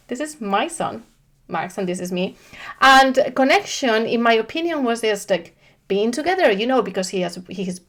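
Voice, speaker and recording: A woman in her thirties, a parent coach, talking casually to camera in a chatty, animated way with frequent restarts. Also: a little high.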